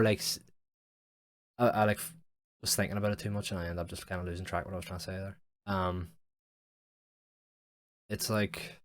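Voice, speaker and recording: Young guy on his own podcast, deep voice, pretty flat delivery, just rambling frank about feelings, swears nonstop. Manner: rambling and frank, swears constantly, many fillers; reflective, talks about feelings. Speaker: podcast host. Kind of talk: casual solo podcast monologue.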